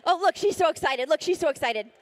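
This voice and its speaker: A woman's voice: sits high, lively intonation, fast. A woman calling a live charity auction, coaxing the crowd and rattling off repeated bid figures.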